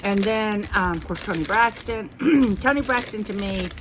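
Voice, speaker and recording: A middle-aged haul vlogger with a Southern US accent rambles casually through a haul video for her viewers. Her voice is medium-pitched at normal speed, against a noisy background.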